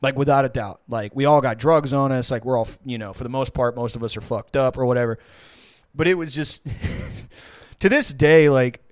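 A man recounts a wild night in a loose, rambling way, full of swearing and fillers. His voice sits at a middle pitch. The recording is close and dry, with no room sound. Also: normal speed, clean tone, dry recording. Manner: profane, rambling, animated retelling. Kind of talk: casual storytelling.

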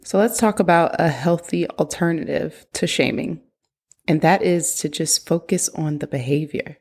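A woman's voice: low voice, normal speed, a little mellow, breathy edge. A young adult woman hosting a parenting podcast, talking earnestly in a coaching way and sometimes acting out what a parent might say. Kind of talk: casual advice talk.

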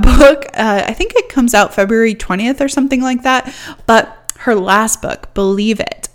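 Chatty young woman podcast host. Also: mid-range voice. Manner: chatty, upbeat, frequent fillers and laughs. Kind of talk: casual solo podcast chat.

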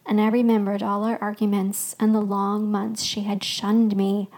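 A woman hosting a podcast, reading a fictional first-person story aloud with expressive storytelling. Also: mid-range voice, normal speed. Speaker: podcast host.

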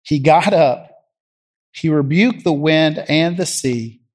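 A man delivers a sermon with a voice that sits slightly high for a man. He tells the scripture scenes as vivid stories and acts them out as he goes. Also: slow. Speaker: preacher.

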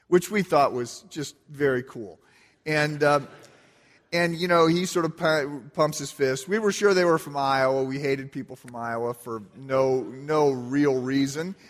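Pastor telling a story in a reverberant hall. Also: male voice, mid-range voice. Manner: conversational storytelling, self-deprecating humor. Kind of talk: sermon opening with a personal story. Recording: long reverb of a large hall.

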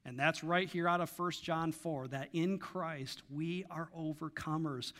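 A man preaching a sermon as pastor, emphatic and rising on key lines, then dropping to soft, intimate asides to the congregation. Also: on the high side, fairly even intonation, measured pace.

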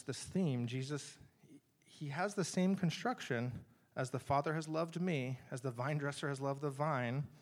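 A man preaching a sermon in a conversational, earnest way, with frequent restarts and asides to the congregation. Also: medium pitch. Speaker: pastor.

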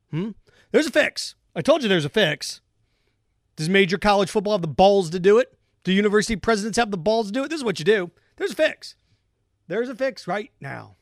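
A man's voice: sits high, dry recording, clean studio sound. A man hosting sports radio, ranting with heated sarcasm and hammering repetition. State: angry. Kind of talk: angry monologue rant.

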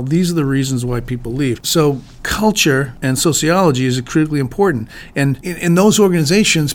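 A man hosting a solo talk on leadership, speaking in an earnest, conversational way with frequent restarts. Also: medium pitch. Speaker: podcast host.

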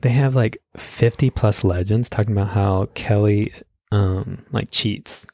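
A man's voice: fairly low pitch, unhurried, creaky, a little mellow, no room sound, studio quality. A man hosting a podcast in casual chat, telling stories with acted quotes and laughing often. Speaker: podcast host.

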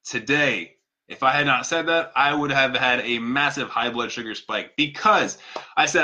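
A man's voice: medium pitch, normal speed, bright, forceful tone. A man talking casually to viewers in an advice vlog, earnest and conversational, repeating his key points. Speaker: vlogger giving diabetes advice. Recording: dull lo-fi sound.

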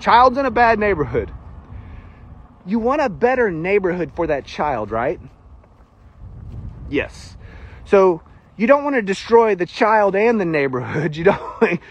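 A man with a Southern US accent preaches a casual sermon in a chatty, self-deprecating way. His pitch sits high for a man and swings widely, and his voice has a husky edge. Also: no room sound.

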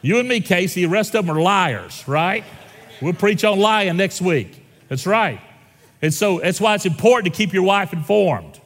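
A man preaching a sermon in an animated, conversational way, slowing down dramatically and joking with the congregation. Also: high voice, big-room sound. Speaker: pastor.

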